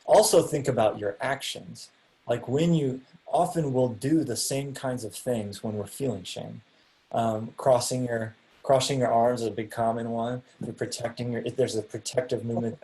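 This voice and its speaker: A man's voice: medium pitch, fairly quick, dark tone. A young man teaching a class over a video call, speaking casually with many ums and restarts.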